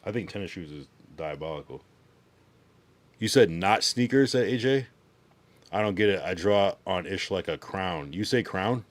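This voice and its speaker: A man with a low, deep voice, talking loosely to his chat on a livestream. He reads viewers' messages aloud and riffs on them with slang and casual swearing. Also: normal speed. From United States.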